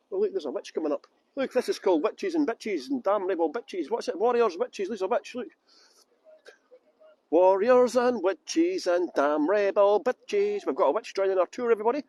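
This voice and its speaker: A middle-aged tour guide greets his livestream viewers by name as he jokes and rambles outdoors in a busy city, phone in hand. His voice is high-pitched and a little mellow, with no echo.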